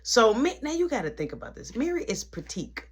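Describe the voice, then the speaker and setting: A person telling a dramatic personal story in casual, slangy speech full of asides. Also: female voice, on the high side, brisk, husky. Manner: slangy, animated retelling with many asides.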